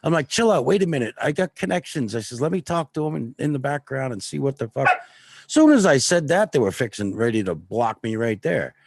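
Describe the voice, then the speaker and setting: Gravelly man ranting on a stream. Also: medium pitch, a little fast, noisy background. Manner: profane, animated storytelling. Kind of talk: casual livestream chat.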